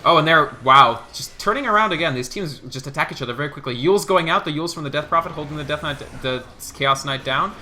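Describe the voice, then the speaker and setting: A man casting a live online game tournament, excitable play-by-play with quick asides and laughter. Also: a little high, a little hiss or hum. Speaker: esports caster.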